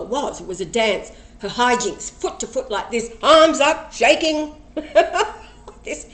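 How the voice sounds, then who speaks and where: Slow, emotional woman telling a story. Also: mid-range voice. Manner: slow, emotional retelling with quoted dialogue. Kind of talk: personal storytelling. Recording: echoey room with faint ambient noise.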